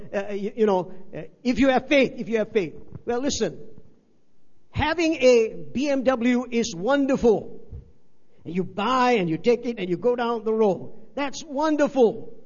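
High-voiced pastor preaching in a hall. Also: male voice, darkish tone. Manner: emphatic preaching with repetitions and rhetorical questions. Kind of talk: sermon. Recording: dull sound with long hall reverb.

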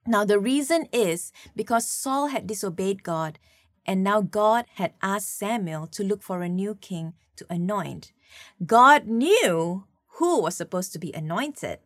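A woman with a Malaysian English accent preaching a sermon, telling stories in an animated way with playful asides. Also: medium pitch, no room sound, clean studio sound.

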